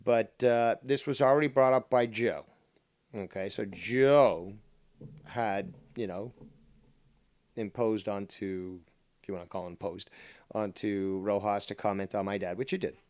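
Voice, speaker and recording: A man's voice: lowish voice, a little slow, darkish tone. Profane, mocking male commentary host. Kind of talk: commentary on a played clip.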